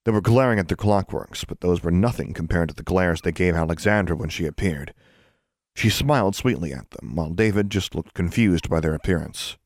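A man reading a children's fantasy audiobook in steady, measured narration. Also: low voice, no room sound, studio quality. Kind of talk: scripted narration.

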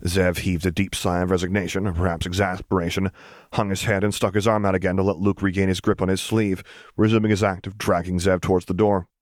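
A man narrating a fan fiction audiobook in a steady, even reading. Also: deep voice, fast, no echo, studio quality.

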